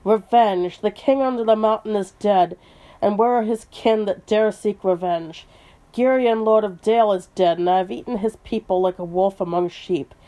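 A woman's voice: mid-range voice, moderate pace, dark tone, lightly acted. A woman reading aloud the lines of a boastful, menacing old male dragon from a storybook. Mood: gloating menace. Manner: read aloud from a book.

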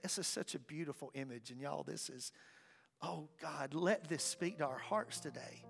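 A man preaching a sermon as pastor, impassioned, swinging from loud declarations to hushed asides. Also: a little high, normal speed, vocal fry, husky. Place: church sanctuary. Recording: reverberant church hall with faint music.

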